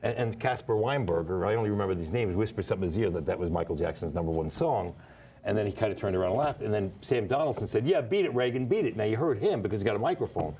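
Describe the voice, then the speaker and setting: A man's voice: fairly low pitch, very fast, mellow, breathy edge. A man chatting casually as a guest, telling rambling anecdotes and laughing often. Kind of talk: casual chat.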